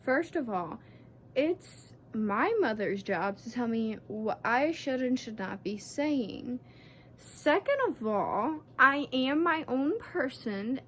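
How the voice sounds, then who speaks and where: A woman's voice: a little high, expressive, slow pace, a little hiss or hum. A sixteen-year-old girl telling a story in a chatty, casual vlog, fired up and swearing freely. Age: teens. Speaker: vlogger.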